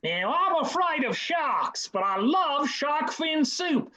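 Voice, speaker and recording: A man's voice: extremely high pitch, big pitch swings, takes it slowly, pushed and bright, full character voice, low-quality recording. A man playing a brash Australian taxi driver with a put-on Australian accent who rambles off topic. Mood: boastful. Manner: drifting off-topic boasts. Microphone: video call.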